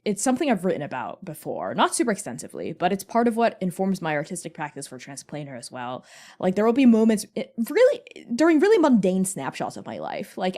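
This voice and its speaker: A woman's voice: fairly low pitch, a little mellow. A woman speaking on a convention panel in a casual, earnest way, full of "like" fillers. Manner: chatty, frequent "like" fillers, earnest.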